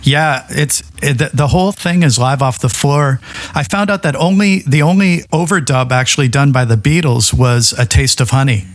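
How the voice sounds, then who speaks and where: A man's voice: mid-range voice, normal speed. A man, a music historian guest, explaining recording history in an enthusiastic, knowledgeable way. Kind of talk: casual chat.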